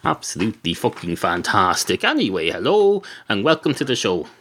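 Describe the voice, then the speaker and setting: A man with an Irish accent hosting a podcast, telling a rambling, deadpan comic monologue full of swearing and digressions. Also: on the low side, brisk, breathy edge. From Ireland. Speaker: podcast host.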